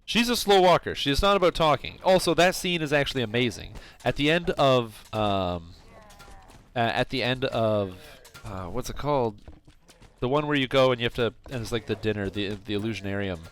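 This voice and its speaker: A man's voice: mid-range voice, animated, a little fast, a bit bright, clear, resonant tone. A man streaming a game, chatting casually in a rambling way with plenty of fillers and self-corrections. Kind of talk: casual chat while playing.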